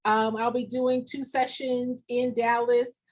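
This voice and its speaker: Fiery, husky-voiced woman preaching straight talk. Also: fairly high pitch, level tone, slow. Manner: direct, preachy, repetitive emphasis; colloquial, says y'all and ain't. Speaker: nonprofit grant consultant. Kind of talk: live-streamed motivational talk.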